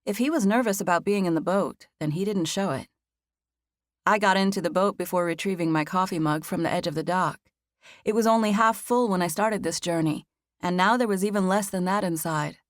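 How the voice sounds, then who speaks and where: A woman narrating a first-person romance audiobook with an expressive read, close on a studio mic. Her voice sits a bit low for a woman and the recording is dry, with no room sound at all. For the heroine's nervous lines she lifts her pitch high. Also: brisk, no echo.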